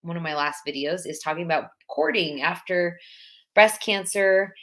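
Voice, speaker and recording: Here the livestream host, a woman in her thirties, chats in an easygoing, sincere way and calls out viewers by name. Her voice sits on the low side, moving at normal speed with a fairly bright tone.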